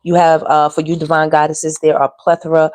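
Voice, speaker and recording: A woman's voice: sits low, monotone, fairly quick, darkish tone. A woman giving a casual, teasing tarot reading straight to her viewers. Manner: chatty, teasing, talks straight to viewers with slang. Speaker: tarot reader.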